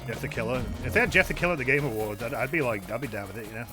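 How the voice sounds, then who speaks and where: A man's voice: medium pitch, expressive, racing, music in the background. A man streaming a game, rambling and joking, swearing a lot and mumbling asides. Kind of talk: casual gameplay commentary.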